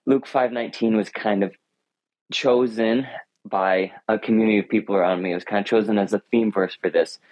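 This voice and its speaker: A man's voice: fairly low pitch, fairly even intonation, brisk, a little mellow, no room sound, low-quality recording. A teenage boy answering interview questions in a thoughtful, earnest way, often restarting his sentences. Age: teens. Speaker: high school runner and guest.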